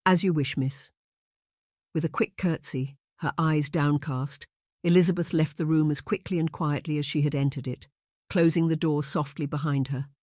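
A woman narrating a historical romance audiobook in a measured, unhurried reading. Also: low-pitched, steady tone, darkish tone, no room sound, clean studio sound. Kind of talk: scripted narration.

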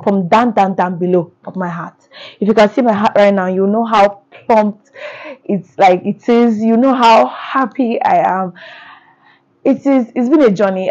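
A woman's voice: medium pitch, mellow. A woman lifestyle vlogger talks casually to her audience in a bubbly, effusive way. Her voice sits mid-range. The recording is a little dull and lo-fi. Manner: bubbly and effusive, laughing often. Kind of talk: casual talk to camera.

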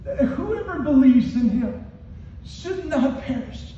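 This pastor's voice is very high-pitched, warm and sing-song, and he preaches at a slow pace. He calls out to his congregation in an impassioned call-and-response sermon in a church hall. The recording is distant, muffled and echoey, with a little hiss or hum.

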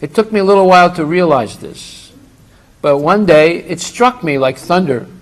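A man's voice: high-pitched, lively intonation, moderate pace, rough recording. A middle-aged man giving a religious class, telling humorous anecdotes and acting out dialogue before rising to emphatic points. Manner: storytelling, acts out dialogue, rising to emphatic outbursts.

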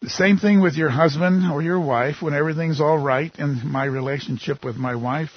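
A man's voice: a little high, moderate pace, husky, lo-fi sound. A man in his sixties, a pastor, giving a sermon that opens with a prayer and speaks earnestly through rhetorical questions.

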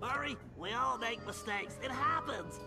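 A man's voice: extremely high pitch, expressive, measured pace, gravelly, recorded from a distance, over music, heavily acted. An actor voicing a brainy male turtle in a video game, speaking earnestly and reassuringly.

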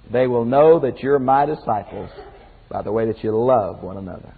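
Older male Bible teacher, husky and folksy, tinny phone-like sound in a reverberant hall. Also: medium pitch, normal speed. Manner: folksy, animated, shifts from loud exclamations to quiet emphasis. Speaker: pastor teacher.

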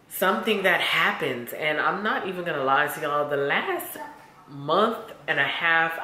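A woman's voice: deep voice, lively intonation, slow, bright, forceful tone, reverberant, a little hiss or hum. A woman vlogging casually to camera at home, candid and chatty. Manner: chatty, candid, says y'all a lot. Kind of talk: casual vlog chat to camera.

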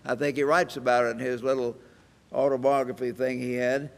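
An evangelist in his eighties preaches a sermon in church, sharing folksy anecdotes and chuckling along the way. His medium-pitched voice is gravelly and flat, a little fast, and the hall sound is reverberant.

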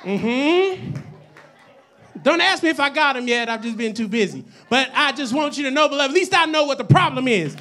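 A man delivers a sermon at a high pitch for his sex, calling out to a live congregation for responses. He swings between shouted declarations and hushed asides, breaking into chatty, joking stories. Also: expressive, normal speed. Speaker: pastor. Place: church service with live congregation.

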